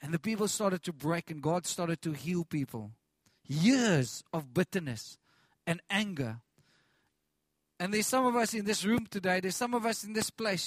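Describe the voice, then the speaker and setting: A man's voice: sits high, expressive, moderate pace, no room sound. A man preaching a sermon with passion, repeating phrases, restarting lines and calling out to the congregation.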